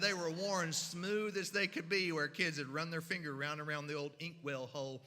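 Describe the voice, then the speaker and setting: Bright-voiced storyteller in a hall. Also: male voice, fairly high pitch, moderate pace, hardly any pauses. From Kentucky mountains. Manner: animated, folksy, sound effects and voices. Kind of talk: humorous storytelling. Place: church hall. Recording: reverberant hall.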